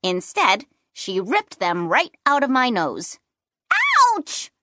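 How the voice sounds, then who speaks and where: A woman narrating a children's fantasy book in first person, with playful and expressive storytelling. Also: mid-range voice, slow pace, background noise. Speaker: audiobook narrator.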